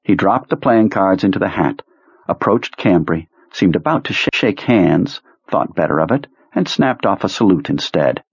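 A man reading a novel aloud in steady, measured audiobook narration. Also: sits low, vocal fry, slightly rough, no room sound. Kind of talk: scripted narration. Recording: dull lo-fi dry sound.

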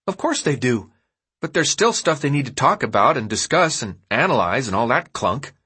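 A man's voice: medium pitch, sing-song, normal speed, sharp tone, husky, exaggerated voice. A man voicing a blunt, sarcastic young boy in an audiobook reading, tossing off snappy, dismissive retorts.

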